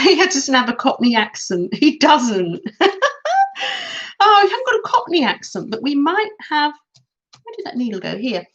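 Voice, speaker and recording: In a dull lo-fi recording, a middle-aged woman works on crafts live while chatting casually with her viewers and giggling a lot. She speaks at a moderate pace with frequent pauses, her high-pitched voice very animated and fairly bright.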